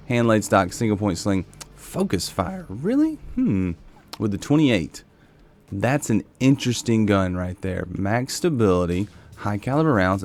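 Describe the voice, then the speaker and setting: A man's voice: lowish voice, gravelly. A man hosting a casual gameplay video, musing and thinking aloud as he looks through gear. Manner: relaxed, musing, thinks aloud while browsing weapons. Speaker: gaming video host.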